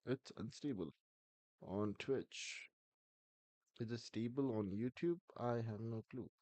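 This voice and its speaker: A man chatting on a live stream, thinking aloud and halting with restarts. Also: mid-range voice, mellow, no echo. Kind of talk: casual live-stream talk.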